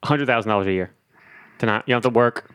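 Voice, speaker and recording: A man's voice: mid-range voice, fast talker, fairly bright tone, clear, resonant tone. Man posing blunt hypotheticals. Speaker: podcast co-host. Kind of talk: casual chat.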